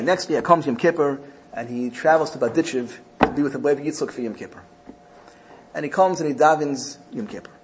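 A man's voice: fairly high pitch, darkish tone, slight background noise. A man giving a Torah lesson and telling a story, speaking emphatically with lots of repetition. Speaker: Torah teacher.

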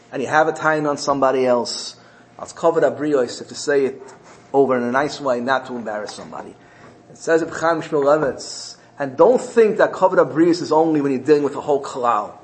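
A man's voice: mid-range voice, a little hiss or hum, rough recording. A man teaching a Torah class, telling stories earnestly and with animation. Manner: earnest, animated storyteller mixing Hebrew terms. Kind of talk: storytelling Torah lesson.

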